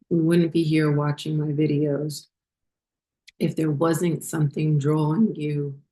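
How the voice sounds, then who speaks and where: A woman hosting a spiritual vlog, talking unhurriedly with many fillers as she glances at her notes, her voice getting hoarse. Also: deep voice, dark tone. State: losing her voice. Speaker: spiritual channel host.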